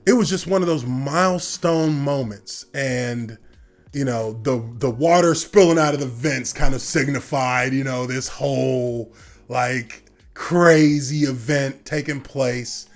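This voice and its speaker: A man in his thirties telling a personal story in casual talk, relaxed and rambling with lots of fillers. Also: medium pitch, unhurried. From United States. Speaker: former football player telling his story.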